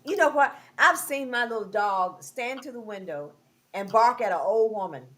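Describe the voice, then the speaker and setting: A woman hosting a casual chat, telling a story with lively acted-out dialogue. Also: on the high side, normal speed, a little hiss or hum. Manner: animated storyteller, acts out dialogue. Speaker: host.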